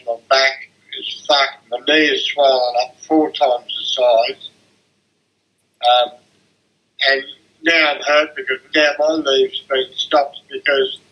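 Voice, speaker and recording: A man's voice: mid-range voice, lo-fi sound. An older man, shaken and tearful, describing what happened to him in a distressed, sweary, repetitive way over the phone. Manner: distressed, swearing, repeating himself. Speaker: interviewee. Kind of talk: emotional phone interview.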